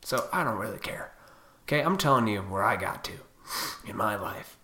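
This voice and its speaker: A man's voice: on the low side, lively intonation, normal speed, pushed and bright. A man hosting his own podcast, ranting profanely and combatively, now and then mocking other people in put-on voices. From Illinois. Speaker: podcast host.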